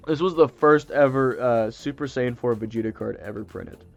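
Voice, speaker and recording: Excitable rambling man telling stories. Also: mid-range voice, normal speed, muffled recording, faint music behind. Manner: excitable, rambling, many fillers and restarts. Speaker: channel host. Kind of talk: casual storytelling to camera.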